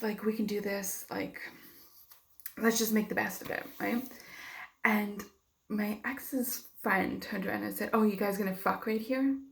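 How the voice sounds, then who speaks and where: A woman's voice: medium pitch, creaky. A young woman vlogging, telling a personal story in a heated, casual way with lots of swearing and filler words.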